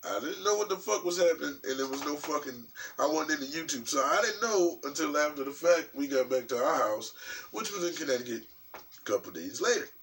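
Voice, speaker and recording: A man from New York talking in a casual, rambling commentary vlog, profane and animated, with frequent restarts. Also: on the high side, a little fast. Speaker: vlogger. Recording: distant mic with faint background noise.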